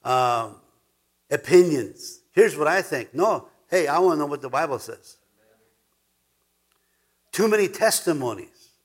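A man's voice: fairly high pitch, animated, measured pace, pauses often, slightly rough. A man preaching a sermon as pastor, emphatic, repeating words for stress and now and then chuckling.

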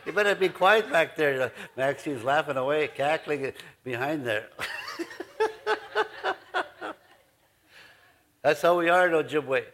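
A man's voice: a little high, moderate pace, hardly any pauses, a bit bright, a little hiss or hum. A man pastor giving a folksy, rambling sermon in his church, full of asides. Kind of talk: conversational sermon.

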